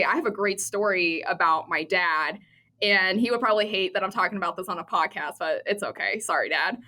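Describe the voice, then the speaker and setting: A woman from the US Midwest, a cybersecurity expert guest, telling a lively anecdote in a conversational podcast, often laughing. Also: fairly low pitch.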